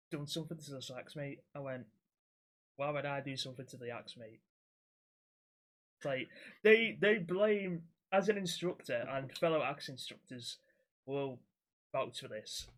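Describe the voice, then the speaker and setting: A young man, a podcast co-host telling blunt, sweary stories from his axe-throwing job in casual chat. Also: a little high.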